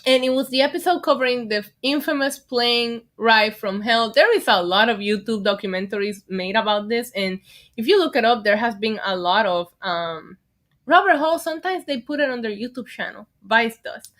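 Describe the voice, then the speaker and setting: A young woman with a New York accent hosting a casual wrestling livestream, chatty and excitable, thanking viewers in the chat by name. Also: fairly high pitch, normal speed. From United States. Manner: chatty, excitable, reads chat names aloud.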